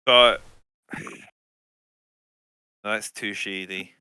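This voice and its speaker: A man in a tabletop game session, thinking out loud about his next move. His voice is very bright and crisp. It is recorded close and dry, with no room sound. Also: lowish voice, fairly even intonation, extremely slow, dry recording. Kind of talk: casual game chat.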